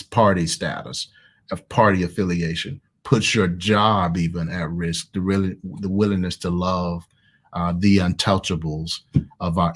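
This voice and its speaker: A man with a Southern American accent, a pastor preaching conversationally over a video call and hammering key words through repetition. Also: low voice. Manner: emphatic, repeats key words. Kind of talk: conversational online sermon.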